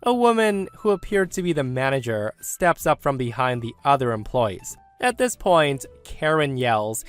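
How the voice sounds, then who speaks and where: Brief: man, expressive story narrator, lively pitch, faint music bed. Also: normal speed, hardly any pauses.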